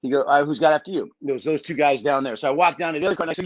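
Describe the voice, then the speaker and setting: A man's voice: on the high side, very fast, no room sound, muffled recording. A middle-aged man from Michigan, a podcast guest telling long stories, acting out what people said and swearing freely. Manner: animated storyteller, acts out quotes, swears freely. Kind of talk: storytelling on a sports podcast.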